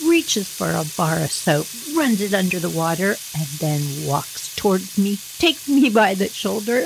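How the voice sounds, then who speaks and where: A woman telling funny stories from her own childhood in a chatty, animated way for young listeners. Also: medium pitch, measured pace, creaky, few pauses, a little hiss or hum. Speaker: podcast storyteller. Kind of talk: storytelling to children.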